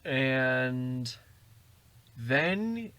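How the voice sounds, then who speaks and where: A man rambles through a film plot in a jokey, casual way, acting out bits of it as he goes. His voice is bright and forward, recorded close and dry. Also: medium pitch, animated, very slow, dry recording. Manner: rambling, jokey retelling with acted quotes. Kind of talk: casual chat, recapping a film.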